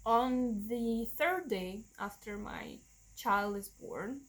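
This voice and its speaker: A woman's voice: on the high side, slow, rough recording. A woman frankly telling a personal story on her vlog, emotional and open, often restarting her sentences and acting out what others said to her. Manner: emotional and frank, with many restarts and self-corrections; acts out other people in quoted asides. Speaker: vlogger sharing a personal story.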